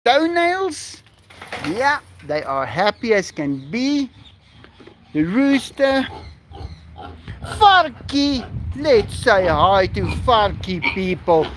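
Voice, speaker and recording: A man with a high, lively voice chats on a phone stream outdoors among his farm animals. He talks slowly, with faint outdoor noise behind him. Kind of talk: casual live-stream chat.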